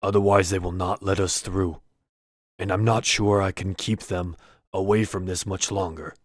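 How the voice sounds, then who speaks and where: A man doing a worried, hushed go-between. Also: deep voice, fairly even intonation, moderate pace, no room sound, studio quality, pitched below the performer's own voice. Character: uneasy male go-between guide.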